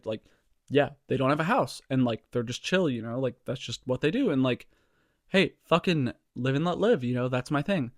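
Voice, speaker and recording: A man's voice: mid-range voice, dry recording, studio quality. A man ranting casually about a movie to his viewers, exasperated and profane, rambling with lots of fillers and calls of "guys". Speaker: vlogger reviewing a movie. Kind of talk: casual rant to camera.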